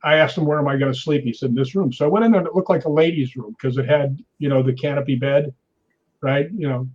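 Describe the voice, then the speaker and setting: Husky-voiced man telling a lively story. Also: a little high, quick pace, highs cut off. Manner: animated storyteller, keeps asking "right?". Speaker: guest. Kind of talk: telling a story in a chat show.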